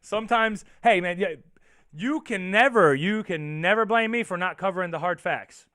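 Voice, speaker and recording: A man hosting his own show, chatting casually and rambling with viewers, animated and profane as he reacts to their comments. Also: high-pitched, normal speed, no echo, clean studio sound. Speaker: show host. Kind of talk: casual livestream chat with viewers.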